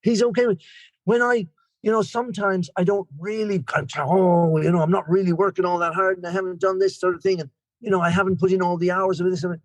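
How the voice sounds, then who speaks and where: Irish man, 60s, rambling self-deprecating recovery share; fairly high voice, dry close sound. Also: steady tone, fast talker, no echo. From Ireland. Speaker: guest speaker.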